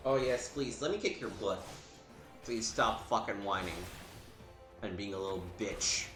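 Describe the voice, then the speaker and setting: A man's voice: on the low side, a little slow, reverberant, over music, low-quality recording. Sarcastic man muttering over gameplay. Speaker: let's play host. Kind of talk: casual gameplay commentary.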